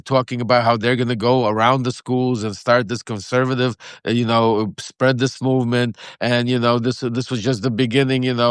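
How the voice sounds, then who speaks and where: A male interview guest speaking in a rambling, halting way with many fillers and restarts. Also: medium pitch, smooth, no room sound, studio quality. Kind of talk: political commentary interview.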